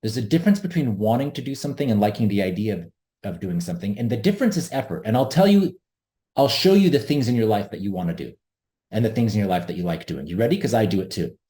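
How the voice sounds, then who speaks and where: A man's voice: fairly low pitch, big pitch swings, quick pace, mellow. A man hosting an options trading webinar, talking earnestly and emphatically and repeating his key points. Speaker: webinar host, options trader. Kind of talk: presenting a webinar.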